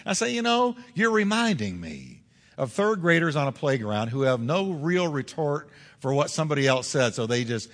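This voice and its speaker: A man preaching with a rather high voice that leaps and dips through rhetorical questions. His delivery is emphatic, and the sound carries a long reverb like a church sanctuary. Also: big pitch swings, moderate pace, fairly bright tone. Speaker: pastor. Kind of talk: sermon.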